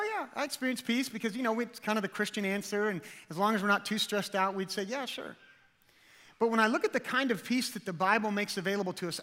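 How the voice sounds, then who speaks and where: A man's voice: high-pitched, sharp tone, long reverb tail. A man in his thirties from the Dallas area, a guest preacher giving a chatty, joking sermon in a church with many fillers and restarts. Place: church auditorium.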